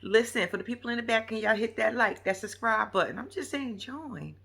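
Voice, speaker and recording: Woman vlogger ranting casually to her viewers, kinda high voice, bright and edgy. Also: fairly quick, creaky, breathy edge. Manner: chatty and animated, addresses viewers directly with slang; profane and playful, laughs often. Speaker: YouTube vlogger reviewing a reality show. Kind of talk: casual reaction vlog commentary.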